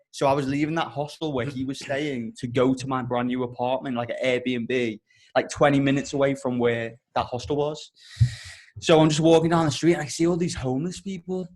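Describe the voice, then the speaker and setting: With a mid-range voice, a young man hosting a podcast spins a rambling story in a lively, casual manner and swears frequently.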